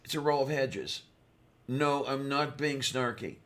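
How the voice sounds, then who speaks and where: A man co-hosting a podcast in casual chat, hesitant and self-deprecating, pausing often with ums. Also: mid-range voice, fairly bright tone. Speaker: podcast co-host.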